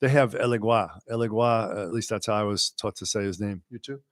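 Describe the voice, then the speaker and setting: A man teaching a live question-and-answer class, talking in a relaxed, wry way and sometimes slowing to a quiet, measured voice. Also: fairly low pitch, dry recording. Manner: unhurried, wry, sometimes drops to a quiet slow voice.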